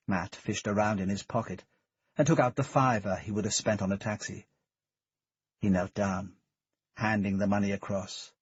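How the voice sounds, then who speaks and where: A man narrating an audiobook at a measured, steady pace. His voice is very husky, at a middle pitch. The studio recording is dry and slightly dull. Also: no room sound. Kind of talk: scripted narration.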